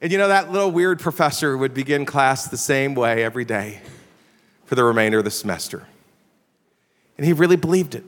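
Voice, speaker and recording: A middle-aged man from the Chicago area tells stories in a sermon, speaking a little fast in a mid-range voice but leaving long pauses. He's chatty and self-deprecating, regularly adding "all right?" The sound has the long reverb of a large hall.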